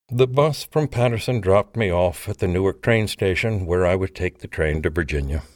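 A man reading a memoir aloud as narrator in a measured, even style. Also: sits low, no echo, studio quality. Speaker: audiobook narrator. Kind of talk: scripted narration.

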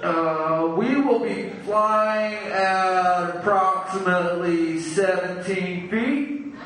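A man's voice: sits high, steady tone, takes it slowly, a bit bright, slight background noise. A man on a comedy club stage voicing a stoned young airline pilot with a lazy drawl, heard from far off in an echoey room.

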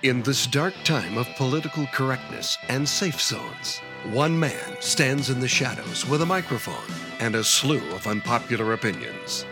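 A man's voice: mid-range voice, lively intonation, moderate pace, hardly any pauses. A man delivering a dramatic trailer-style voice-over for a podcast intro. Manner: dramatic, announcing. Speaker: show announcer. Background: guitar music.

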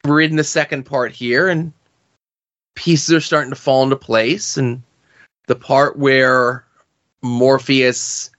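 A man's voice: mid-range voice, steady tone, slow pace, long pauses, fairly bright tone, lo-fi sound. A man co-hosting a podcast, rambling casually about rereading a comic series. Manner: rambling, with fillers and restarts. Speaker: podcast co-host. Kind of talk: casual comic-book chat.

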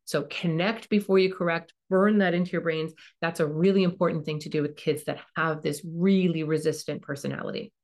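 Woman with a gravelly, low-set voice. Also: fairly even intonation, brisk, hardly any pauses, a little mellow. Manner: earnest, coaching tone, acts out parent and child lines; emphatic repetition. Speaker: parenting podcast host. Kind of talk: advice monologue.

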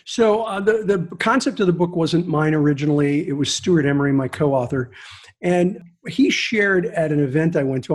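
A middle-aged man as a guest author in a podcast interview, telling stories in an animated way with quick restarts. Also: on the high side, slightly rough.

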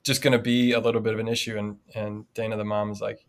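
Man, priest, casual podcast talk, storytelling, reflective, medium pitch. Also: brisk. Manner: storytelling, reflective, animated in anecdotes. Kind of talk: casual conversation.

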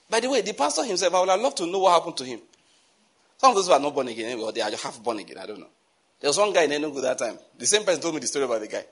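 A man with a Nigerian accent preaching a storytelling sermon, animated, with pidgin phrases mixed in. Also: a little high, fast, slightly rough. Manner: animated, laughing asides, mixes in pidgin.

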